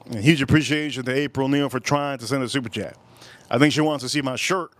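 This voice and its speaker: A man hosting a casual live stream, reading out chat messages and giving shout-outs, repeating his phrases and swinging between loud bursts and low mutters. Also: fast. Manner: animated, reads out chat and gives shout-outs.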